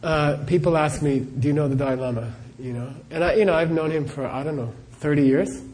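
Middle-aged man teaching at a live Q&A, a bit high-voiced, chatty and laughing, faint noise behind. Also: a little fast, darkish tone. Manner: chatty, laughing storyteller, many "you know"s. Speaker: Buddhist teacher. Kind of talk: live Q&A talk with anecdotes.

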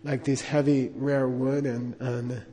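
A man's voice: medium pitch, little pitch movement, slow pace, dark tone, big-room sound. A middle-aged man telling a personal anecdote in a rambling way, with lots of fillers and chuckles. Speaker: storyteller.

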